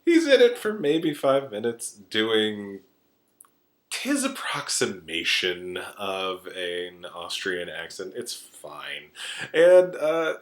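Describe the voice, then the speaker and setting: A man hosting a podcast, giving casual film commentary in a chatty, animated way with frequent "uh"s and bursts of laughter. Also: fairly low pitch, slow pace. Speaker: podcast host.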